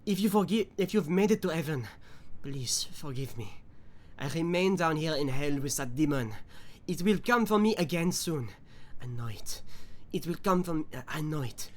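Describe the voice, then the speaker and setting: A man's voice: fairly high pitch, lively intonation, moderate pace, a little hiss or hum, close to an everyday voice. A man reading a note aloud as a frightened, grieving soldier, in a put-on French accent and a mournful, dramatic manner. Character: grieving, frightened soldier writing to a dead comrade.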